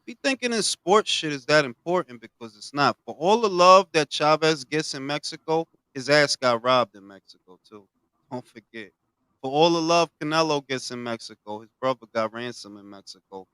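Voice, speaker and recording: Animated, profane man talking boxing. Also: on the high side, normal speed, clear, resonant tone, no echo, poor audio. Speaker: podcast co-host. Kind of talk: casual boxing talk.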